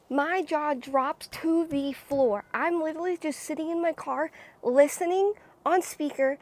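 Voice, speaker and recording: A young woman telling a personal story on her vlog in an animated, dramatic way, full of "like"s. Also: sits high, a little slow. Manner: animated, dramatic, many filler "like"s. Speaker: vlogger. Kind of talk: casual storytime.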